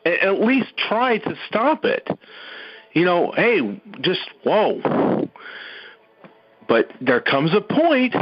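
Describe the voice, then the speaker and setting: A man's voice: fairly high pitch, no echo. Emphatic man on a call. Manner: folksy and emphatic, with Southern "y'all" and frequent restarts. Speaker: caller speaking on a conference call. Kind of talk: impassioned speech on a call. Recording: dull, muffled phone-call audio.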